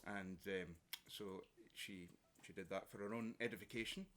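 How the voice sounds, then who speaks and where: A man, a folk musician, chatting to an audience at a house concert about the history of some tunes, with many halting pauses. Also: fairly low pitch, steady tone, a bit bright, slight background noise. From Scotland. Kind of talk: introducing tunes on stage.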